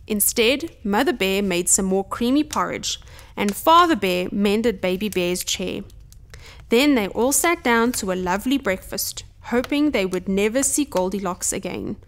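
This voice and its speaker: A woman softly reading a bedtime fairy tale aloud in ASMR style, gentle and expressive. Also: mid-range voice, a little slow. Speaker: storyteller.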